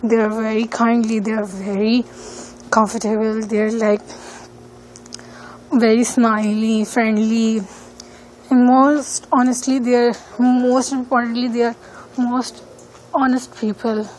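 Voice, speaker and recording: A female student whose first language isn't English walks around her neighborhood outdoors, filming a casual walking-tour vlog on her phone and speaking hesitantly with lots of fillers. Her voice is a little high and darkish, with little pitch movement, a slow pace and frequent pauses. The low-quality recording has a little hiss or hum.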